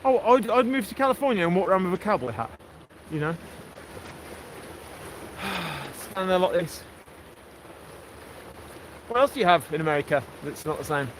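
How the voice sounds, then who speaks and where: This livestream host is a man with an English accent whose voice sits high and swings widely in pitch, moving at a moderate pace with long pauses. Out on a coastal walk, he chats casually, jokes, and laughs a lot while outdoor sounds carry behind him.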